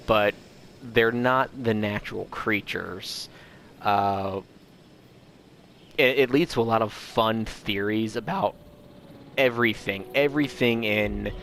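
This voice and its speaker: A man's voice: fairly low pitch, a bit bright, a little hiss or hum. Rambling man narrating gameplay. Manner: rambling, self-interrupting, enthusiastic. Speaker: gaming channel host. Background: game music.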